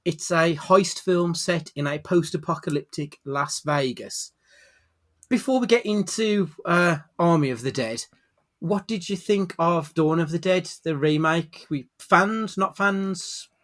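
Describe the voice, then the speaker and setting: A man's voice: a little high, measured pace, a bit bright. A British man hosting a podcast, chatting casually and then giving a dramatic build-up to a film, on a webcam mic. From United Kingdom. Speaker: podcast host. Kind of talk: casual chat and scripted film intro.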